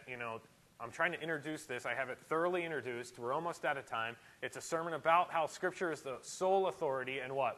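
A man preaching a sermon in a church. His voice is fairly high and bright, with forceful edges. He drives his points home, building to sudden loud rises. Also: rough recording. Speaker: pastor.

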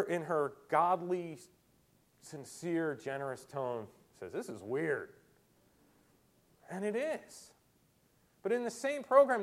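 A man preaching a sermon with a somewhat high voice that swoops widely. He tells stories with animation, acting out quoted voices as he goes. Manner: animated storyteller, acts out quotes.

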